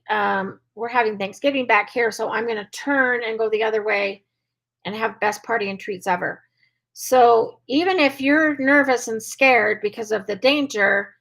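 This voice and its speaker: A woman's voice: a little high, poor audio. A woman dog trainer hosting a casual live Q&A and answering viewer questions in a chatty way, with lots of "um" and "like". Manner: chatty, with frequent "um" and "like".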